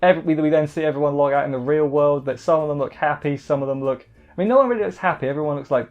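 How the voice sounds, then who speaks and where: A man casually reviewing an anime episode in an excitable, rambling way, often restarting his sentences. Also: on the high side, fast, hardly any pauses. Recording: slightly muffled with faint background music.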